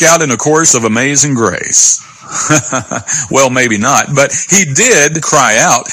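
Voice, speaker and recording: A male radio Bible teacher preaching in an emphatic, deliberate way, slowing down for scripture. His voice is bright and forceful, with a husky grain. The sound is close and dry. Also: medium pitch, animated, dry recording, low-quality recording. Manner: emphatic, slow scripture reading. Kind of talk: radio sermon.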